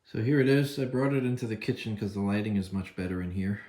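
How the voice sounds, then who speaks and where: Hobbyist man, low warm voice, relaxed phone-filmed show-and-tell at home. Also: fast talker. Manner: relaxed, many fillers, talks while filming. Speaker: model train hobbyist showing his work. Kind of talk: casual show-and-tell narration. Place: home kitchen, indoors. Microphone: phone camera held while filming.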